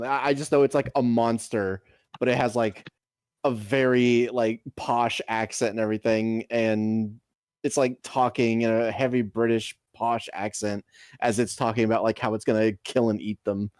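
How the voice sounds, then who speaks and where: A man co-hosting a casual podcast, excitable, laughing often and swearing. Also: mid-range voice, moderate pace, no echo, clean studio sound. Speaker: podcast co-host. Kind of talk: casual chat.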